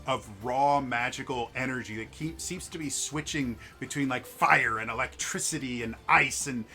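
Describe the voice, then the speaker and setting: A man's voice: medium pitch, moderate pace, sharp tone, faint music behind. A man running a tabletop game as game master, narrating scenes and stumbling over repeated words.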